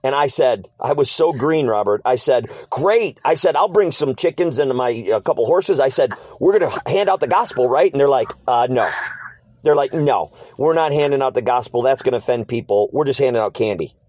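A man's voice: mid-range voice, animated, fairly quick, hardly any pauses, darkish tone, no room sound. A middle-aged man telling his life story as an interview guest, earnest and casual, acting out old conversations and repeating short phrases.

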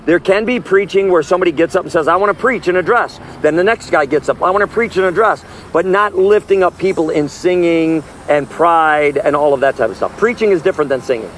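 A man preaching outdoors on a city street, emphatic and forceful, his voice climbing high when he exhorts. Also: a little fast, few pauses, a little hiss or hum.

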